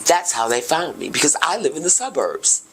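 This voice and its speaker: A middle-aged woman, telling her own story on a podcast in an emotional, impassioned way, dropping to a hush and then rising loud. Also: sits low, sing-song, a little fast, a little hiss or hum. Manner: emotional, impassioned, swings between hushed and loud. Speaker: podcast host. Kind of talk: personal testimony.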